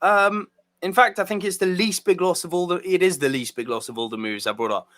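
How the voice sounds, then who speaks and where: A man's voice: sits high, fast talker, a bit bright. A man co-hosting a casual movie podcast, enthusiastic and swearing freely. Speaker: podcast co-host.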